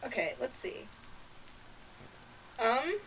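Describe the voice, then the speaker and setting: Casual woman player, slightly high voice. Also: very animated, extremely slow, vocal fry, a bit bright, a little hiss or hum, poor audio. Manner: casual, hesitant, many ums. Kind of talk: casual tabletop play.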